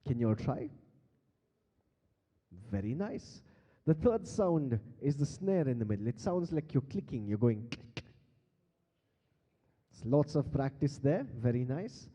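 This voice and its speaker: On a large conference hall stage, a beatbox performer leads a live interactive workshop, playfully quizzing the crowd over a handheld mic and laughing often. His mid-range voice is sing-song, mellow and a bit breathy, at a measured pace. The stage PA carries long hall reverb.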